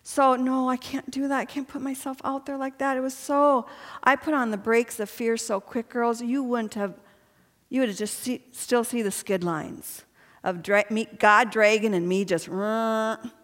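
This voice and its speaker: A woman's voice: a little high, fairly even intonation, moderate pace. A woman giving a personal faith testimony to a women's gathering, chatty and earnest and laughing often. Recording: long hall reverb.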